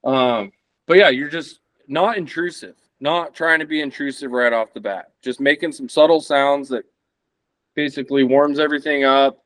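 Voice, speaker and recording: A man in his thirties, an elk hunter appearing as a podcast guest, talks casually in a medium-pitched, fairly bright voice at a moderate pace. He rambles as he searches for words.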